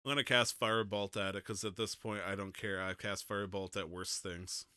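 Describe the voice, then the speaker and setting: A man playing a tabletop game, his voice very bright and smooth with a close, dry sound. He talks playfully, laughing often and breaking into shouted lines for his character. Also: fairly low pitch, little pitch movement, brisk, no room sound. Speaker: player.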